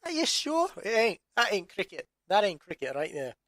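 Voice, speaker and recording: A man voicing a gruff adult man in a rough put-on Scottish accent. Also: high-pitched, huge pitch swings, normal speed, fairly bright tone, voice pushed up, full character voice. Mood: challenging.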